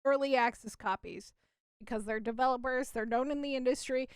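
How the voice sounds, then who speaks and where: A woman's voice: high-pitched, brisk, clear, resonant tone, no echo. A woman co-hosting a gaming podcast, chatting casually with lots of fillers and laughs. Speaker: podcast co-host. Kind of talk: casual chat.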